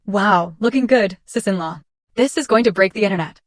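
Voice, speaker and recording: In a storytime reading, a woman voices a taunting young sister-in-law. Her mid-range voice moves fairly quickly and sounds close to an everyday speaking voice, recorded clean in a studio with no room sound.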